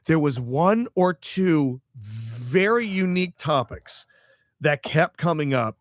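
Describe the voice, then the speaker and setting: A man's voice: a little high, animated, slow pace, no echo, studio quality. A man co-hosting a podcast, telling stories in casual chat, swearing and laughing often. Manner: profane, storytelling, laughs often. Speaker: podcast co-host.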